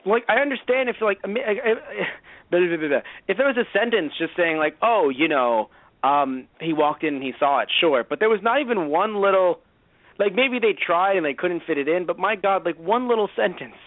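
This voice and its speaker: A man with a slightly high voice rants his way through a casual movie review, swearing freely and slipping into mocking voices. His pitch swings widely. The sound is dry and thin, as if it came through a phone line. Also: brisk, no echo. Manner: animated, profane, acts out mock dialogue. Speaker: podcast co-host.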